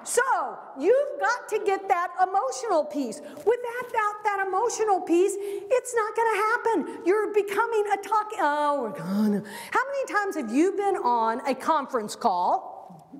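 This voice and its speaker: A woman giving a motivational presentation at a conference, energetic and emphatic, hammering home key phrases. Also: very high-pitched, a little slow. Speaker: conference speaker. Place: conference hall. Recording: echoey conference hall.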